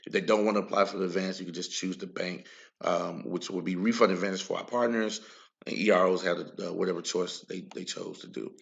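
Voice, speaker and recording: Low gravelly man teaching tax software. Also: fairly even intonation, brisk, highs cut off. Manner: talks viewers through forms, repeats points, addresses them as guys. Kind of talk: screen-recorded software tutorial.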